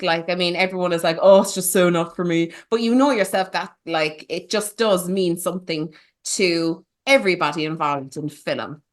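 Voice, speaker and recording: A woman hosting a casual film podcast, playful and teasing, with theatrical asides. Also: fairly low pitch. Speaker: podcast host.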